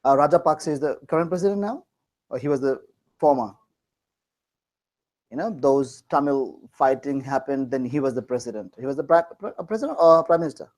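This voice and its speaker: A man's voice: medium pitch, fairly quick, darkish tone, rough recording. A man from Bangladesh teaching a class, teasing and joking as he quizzes his students. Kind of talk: classroom lecture.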